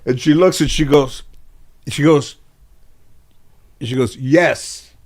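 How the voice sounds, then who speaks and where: Middle-aged guy from LA, talk show host spinning funny stories, animated, acts out the quotes, swears a lot. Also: fairly high pitch, slow. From Los Angeles area. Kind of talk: comic storytelling.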